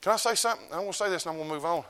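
A middle-aged man, preaching a sermon as pastor. He swings from loud declarations to low, hushed lines. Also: animated, very fast.

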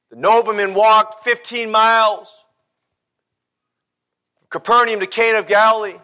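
A man's voice: high-pitched, flat delivery, unhurried, long pauses, pushed and bright. A man preaching a sermon, emphatic and repetitive, putting rhetorical questions to the congregation.

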